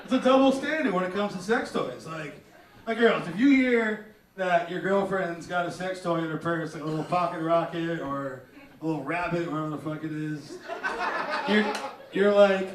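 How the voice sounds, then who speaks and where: A man doing a crude, animated stand-up comedy set, often slipping into mocking voices. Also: high-pitched, normal speed. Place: small theater stage. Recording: roomy, distant mic, loud crowd laughter.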